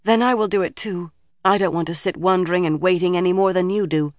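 A man's voice: high voice, steady tone, fast talker, no room sound, studio quality, lightly acted. A man voicing an earnest, defiant young woman in an audiobook reading. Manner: determined, a little shaky.

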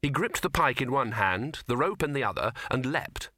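A man's voice: medium pitch, lively intonation, moderate pace, bright, forceful tone, no room sound. A man reading a comic fantasy novel aloud as an audiobook narrator, in a dry, storytelling manner. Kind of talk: scripted narration.

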